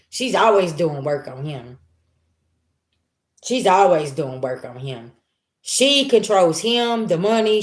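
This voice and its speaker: A woman giving a live spiritual reading as a psychic, talking in a blunt, emphatic, slangy way. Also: fairly low pitch. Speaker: psychic reader. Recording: roomy echo.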